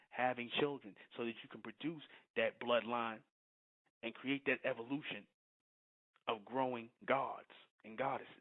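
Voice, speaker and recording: A man preaching to followers, repeating his points and often asking whether listeners understand. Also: medium pitch. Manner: repetitive, keeps asking "you understand?". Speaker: spiritual teacher. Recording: thin phone-like lo-fi audio.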